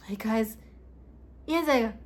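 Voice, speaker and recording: Young woman, tipsy vlogger, slightly high voice, chatty and animated. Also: measured pace. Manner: chatty, animated storytelling, mixing English and local words. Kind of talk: casual chat answering viewer questions.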